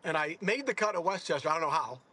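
Speaking quickly in a husky, slightly high voice, a golfer in his sixties rambles through stories in a casual interview. He's animated and keeps correcting himself as he goes.

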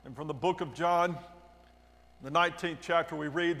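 A man's voice: fairly high pitch, fairly even intonation, moderate pace, fairly bright tone, long reverb tail. A male pastor reading a Bible passage aloud during a worship service, raising his voice for the quoted lines. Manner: reads quoted speech with raised, emphatic delivery. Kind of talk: dramatic scripture reading. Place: church sanctuary.

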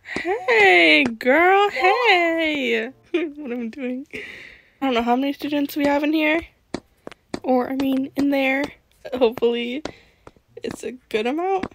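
A woman's voice: high-pitched, moderate pace, long pauses, a little mellow, a little hiss or hum. A woman hosting a gaming channel, chatting casually and giggling as she talks to the characters in her game. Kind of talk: casual gameplay commentary.

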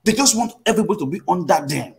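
A man's voice: high-pitched, expressive, very fast, gravelly, husky. A man with a Nigerian accent lecturing in casual pidgin, often asking "you understand?".

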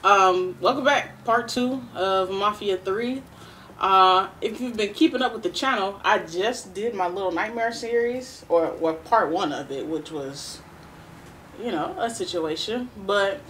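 A woman's voice: medium pitch, measured pace, slight background noise, low-quality recording. A young woman with a Cleveland accent giving chatty, rambling gameplay commentary straight to her viewers. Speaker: gaming YouTuber. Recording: voice over loud game sounds.

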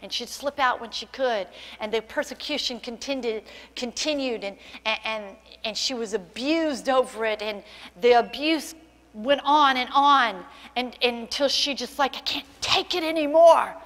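A woman pastor preaches with fervent conviction, her fairly high voice swelling toward cries at the peaks. A long reverberation of the church hall trails behind every phrase. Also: a little slow, a bit bright. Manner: impassioned preaching, voice rising to cries in acted quotes. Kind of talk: sermon. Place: church sanctuary.

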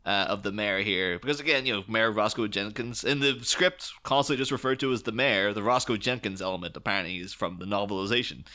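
A man's voice: lowish voice, fast, few pauses, bright, forceful tone. A man hosting a podcast, chatting casually and quoting film scenes with lots of laughter. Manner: chatty, quotes scenes in character, laughs a lot. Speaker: podcast host. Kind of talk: casual chat.

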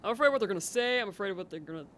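A man commentating a horror game as he plays, talking to himself, jumpy and quick to exclaim and laugh. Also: high voice, lively intonation, fairly bright tone, a little hiss or hum. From United States. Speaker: gameplay commentator. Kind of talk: let's play commentary.

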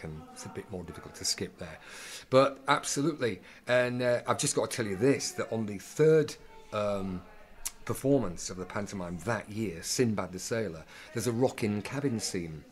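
A man, an actor guest, telling animated anecdotes in an interview, stumbling and restarting often. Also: lowish voice. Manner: animated, halting with many restarts, acts out voices in quotes.

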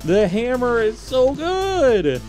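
A man giving loud, excitable commentary while playing a video game, full of exclamations and laughter. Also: high-pitched, slow. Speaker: gaming streamer. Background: game music.

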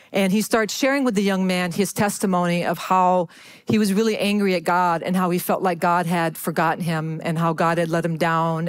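A middle-aged woman pastor telling a story from the pulpit in a chatty, animated way, often checking in with her listeners. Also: medium pitch, clear, resonant tone. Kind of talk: sermon storytelling.

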